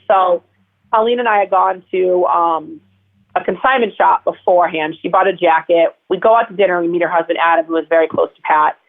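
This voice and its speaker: A woman's voice: lowish voice, steady tone, fairly quick, gravelly. A woman telling personal stories as an interview guest, in a chatty, rambling way full of fillers. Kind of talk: casual interview storytelling. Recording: tinny phone line.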